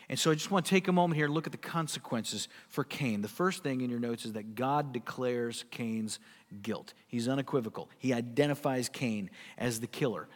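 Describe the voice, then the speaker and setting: A man's voice: mid-range voice, a little fast, long reverb tail. A man preaching a sermon, emphatic and full of rhetorical questions. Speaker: pastor.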